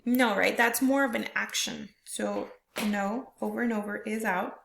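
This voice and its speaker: A woman's voice: mid-range voice, fairly even intonation, a little slow, vocal fry, fairly bright tone, slight background noise. A woman teacher walking young students through a reading lesson step by step, often checking in with "right?". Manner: explains step by step, tags questions with "right?". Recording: roomy echo.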